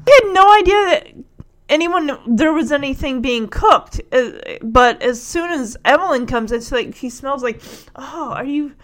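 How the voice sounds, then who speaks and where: Woman host, high voice, casual sarcastic recap chat with frequent laughs. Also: lively intonation, moderate pace, fairly bright tone. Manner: chatty, sarcastic, laughs often.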